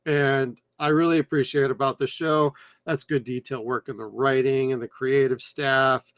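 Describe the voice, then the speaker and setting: A man's voice: mid-range voice, fairly even intonation, normal speed, fairly bright tone, dry recording. Enthusiastic man in a dry podcast mix. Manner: enthusiastic, rambling with fillers. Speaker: podcast co-host. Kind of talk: casual chat.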